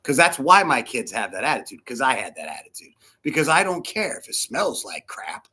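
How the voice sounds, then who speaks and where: A middle-aged man preaching a sermon as a pastor, animated and acting out the voices of people in his stories. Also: mid-range voice, brisk, husky.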